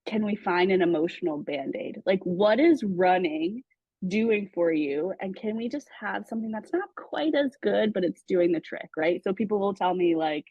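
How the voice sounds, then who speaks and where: A woman's voice: medium pitch, expressive, normal speed, slightly rough, dry recording. A woman host and coach in a casual interview, asking reflective, supportive questions. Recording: dull lo-fi dry sound.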